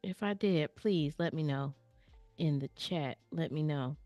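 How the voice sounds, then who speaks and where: A chatty woman hosting a live stream, talking playfully and straight to her viewers with plenty of slang. Her voice sits on the low side, recorded close and dry, with soft music playing faintly underneath. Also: unhurried, no room sound. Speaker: livestream host reviewing viewer artwork. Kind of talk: casual live-stream chat. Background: faint background music.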